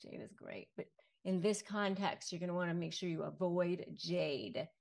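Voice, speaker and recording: A woman's voice: on the low side, normal speed, vocal fry, darkish tone. A middle-aged woman, an attorney, giving direct-to-camera advice in an emphatic manner, repeating key phrases and acting out short quotes. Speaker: attorney and online coach.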